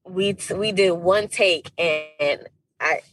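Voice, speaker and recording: A young adult woman, an actress guest on a podcast, telling her story with feeling, acting out quoted lines with big leaps in pitch. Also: slow, far from the mic, rough recording. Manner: animated, emotional, acts out quotes with big pitch jumps; heartfelt, faith-filled tone.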